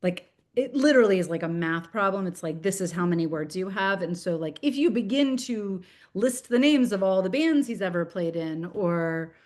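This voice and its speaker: Woman author, 40s, guest on a video-call interview; lively, rambling, full of fillers. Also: mid-range voice, normal speed, hardly any pauses. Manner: animated, chatty, many fillers and restarts. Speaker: children's book author, guest.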